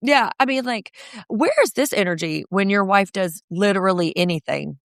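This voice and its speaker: A woman in her thirties co-hosting a podcast, recapping reality TV in a casual, profane and sarcastic way, quoting people with lively put-on voices. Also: medium pitch, moderate pace, vocal fry, no echo, studio quality. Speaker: podcast co-host.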